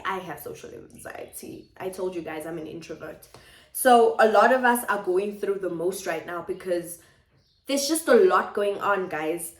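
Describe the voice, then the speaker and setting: A woman vlogging at home, talking things through in a reflective, repetitive way. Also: mid-range voice. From South Africa. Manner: reflective, speaks in repeated phrases. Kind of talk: personal vlog confiding to viewers. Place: home kitchen. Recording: echoey kitchen.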